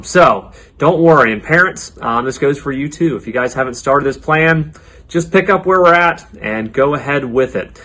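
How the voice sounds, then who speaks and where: A man's voice: fairly high pitch, a bit bright. A man leading a kids' church lesson. He is upbeat and chatty and speaks straight to the children, with a lot of ums. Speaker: children's ministry leader.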